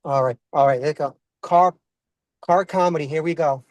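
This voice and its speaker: A man's voice: fairly high pitch, normal speed, darkish tone, no room sound. An Italian-American comedian doing a rambling stand-up set while driving, recorded inside his car. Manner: rambling, asks himself "what else is going on".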